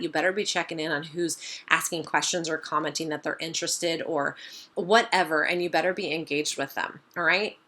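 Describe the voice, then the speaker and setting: A woman's voice: on the low side, a bit bright. Emphatic, direct woman business coach. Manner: addresses viewers as "you guys". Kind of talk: motivational talk to camera.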